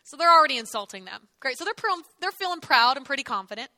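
A woman teaching a Bible lesson in a very high, bright voice. She keeps it lively and jokey, acting out the characters as she goes, and the recording is dry and close. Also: quick pace, dry recording.

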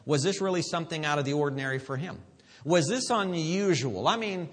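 A man with a Pennsylvania accent preaching a sermon, building to loud emphatic peaks and having the congregation repeat after him. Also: on the high side, sing-song, measured pace, in a large hall.

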